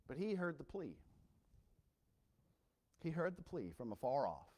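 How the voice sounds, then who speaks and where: A male pastor preaching a sermon with impassioned swings from quiet storytelling to loud emphasis. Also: on the high side, very animated, a little slow, long pauses, husky.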